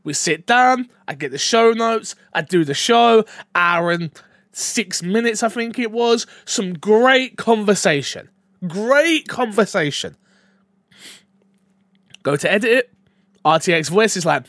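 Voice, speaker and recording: A man hosting a casual gaming podcast, joking and animated, dropping from loud bursts to mumbled asides. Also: sits high, measured pace, dry recording, studio quality. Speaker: podcast host.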